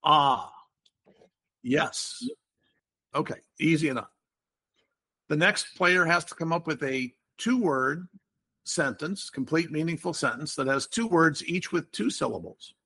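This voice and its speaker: A man's voice: fairly high pitch, animated, unhurried, long pauses, pushed and bright, slightly rough. An older man hosting a casual podcast chat, explaining word games in a playful, wordy way. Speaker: podcast host.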